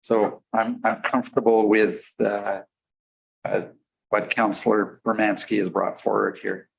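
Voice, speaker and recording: A man councillor in a council chamber, speaking in a hesitant, measured way with frequent restarts. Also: lowish voice, little pitch movement, vocal fry, poor audio. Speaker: city councillor. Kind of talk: council debate.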